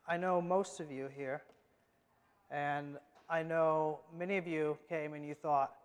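A man preaching a sermon as the pastor of his church, emphatic and moving from loud to hushed. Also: on the high side, steady tone, a little slow, clear, resonant tone. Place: church sanctuary. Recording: long hall reverb.

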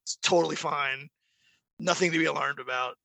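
A man chatting as a podcast guest, telling animated stories and mimicking barking dogs. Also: on the high side, fairly quick, vocal fry, no echo. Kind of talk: casual chat.

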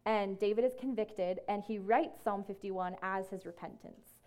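A woman speaking to a room as ministry staff, casual and conversational with many fillers, slowing down whenever she reads scripture. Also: medium pitch, darkish tone. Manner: slows down to read scripture. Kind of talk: talk to a group. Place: room with an audience.

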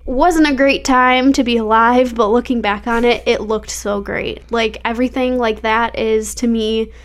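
A woman's voice: fairly high pitch, fairly even intonation, moderate pace. A woman in casual chat about a movie, talking with lots of fillers and easy laughter. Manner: chatty, many fillers and likes, laughs easily.

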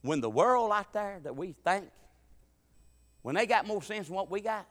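Man preacher, bright forceful voice, a bit high, folksy storyteller, long church reverb. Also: animated, a little fast. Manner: folksy, dialect-heavy, swings from loud preaching to quiet asides. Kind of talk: sermon with humorous storytelling. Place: church sanctuary.

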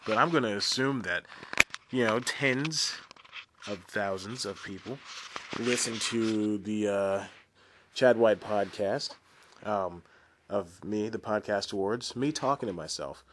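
A man's voice: fairly low pitch, slow, background noise. A man in his twenties hosting a solo podcast, rambling and self-deprecating with frequent laughs and asides. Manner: chatty, frequent restarts and asides. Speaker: podcast host.

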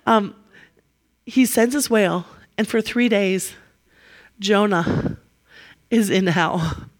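A woman preaching a sermon in an animated storytelling way. She acts out the people in the story and laughs as she goes. Her voice sits at a medium pitch. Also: takes it slowly.

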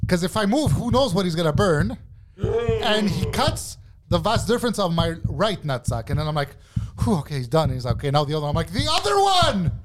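Guy telling a wild story on a podcast, lively pitch, slightly high, swears a lot, bit of noise. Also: quick pace. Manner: animated, swears, says bro a lot. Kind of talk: casual storytelling.

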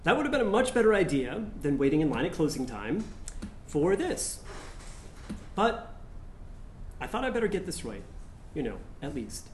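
A man playing an anxious young husband about to become a father, stammering and halting with nervous laughs, in a live staged play reading. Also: fairly high pitch, sing-song. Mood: tender. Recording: echoey live room, faint hiss.

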